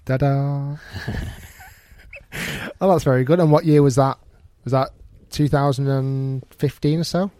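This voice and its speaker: A man's voice: medium pitch, measured pace, long pauses, no echo. A man hosting a casual podcast, telling stories with animation and acting out quoted lines. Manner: animated storyteller, acts out quotes. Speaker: podcast host. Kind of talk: casual chat.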